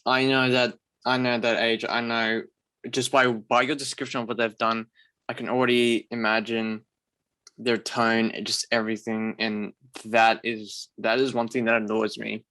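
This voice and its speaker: A young man co-hosting a podcast, with a bright, sharp tone recorded close and dry. He speaks emphatically, pauses and restarts his sentences. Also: mid-range voice, level tone, no echo. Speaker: podcast co-host. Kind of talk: casual podcast chat.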